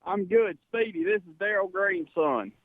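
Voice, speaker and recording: A man's voice: high voice, normal speed, no echo. A man calling in to a radio show, easygoing and conversational. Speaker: caller. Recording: tinny phone line.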